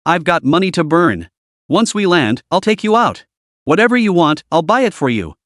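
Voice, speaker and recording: A man's voice: a little high, very animated, normal speed, dry recording, studio quality. A man doing a pushy rich bald passenger. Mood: rude. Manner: rude, demanding, loud. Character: pushy balding rich middle-aged man.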